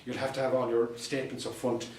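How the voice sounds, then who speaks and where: An Irish man addresses a room of fellow lawyers, spinning dry-humoured anecdotes with punchlines he repeats for effect. His voice sits at an ordinary middle pitch. He is picked up from some distance in an echoey meeting room, with a faint hum behind him. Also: little pitch movement, fast talker, darkish tone. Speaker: solicitor and mediator giving a talk. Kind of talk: anecdotal presentation to a professional audience.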